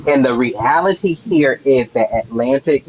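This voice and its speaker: A man's voice: mid-range voice, lively intonation, a little slow, a little mellow. A man hosting a live stream, giving heated commentary with emphatic, repetitive build-ups. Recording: dull lo-fi stream audio with faint noise.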